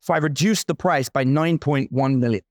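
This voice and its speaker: A man's voice: medium pitch, moderate pace, no echo, studio quality. A man in his forties telling a story in casual talk, playing out the other people's lines as he goes. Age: 40s. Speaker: guest entrepreneur.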